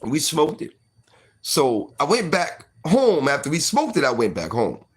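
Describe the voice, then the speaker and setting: A man's voice: a little high, wildly swooping pitch, measured pace, slightly rough. A man in his forties telling a personal story casually, full of fillers like "you know what I mean".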